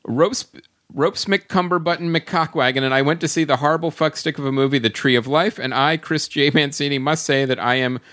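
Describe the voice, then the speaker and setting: A man's voice: on the high side, brisk, fairly bright tone. A man hosting a casual podcast, reading listener comments aloud and laughing often as he goes. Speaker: podcast host.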